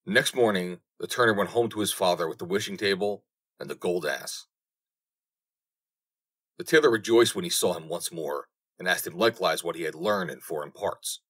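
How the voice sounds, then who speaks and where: A man narrating a fairy tale audiobook with measured storytelling. His voice sits very low in pitch. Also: fairly bright tone.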